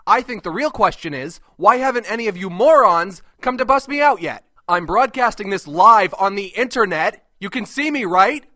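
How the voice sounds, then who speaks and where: A man's voice: high voice, lively intonation, moderate pace, hardly any pauses, bright, forceful tone, dry recording, clean studio sound. A man voicing a crude, abrasive cartoon host who answers fan mail with contempt and constant swearing. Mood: indignant. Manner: foul-mouthed, contemptuous, ranting. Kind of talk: animated web comedy sketch.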